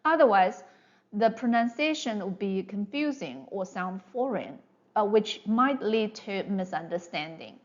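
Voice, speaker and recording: A woman's voice: medium pitch, lively intonation, a little slow, muffled recording. A woman teaching Mandarin pronunciation in an online lesson. She explains patiently and drills each sound one by one.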